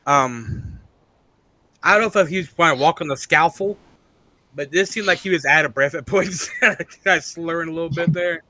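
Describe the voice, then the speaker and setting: Sex: man. Role: match judge. Style: casual chat. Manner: blunt, joking, full of fillers. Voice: fairly high and bright. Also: normal speed, no room sound.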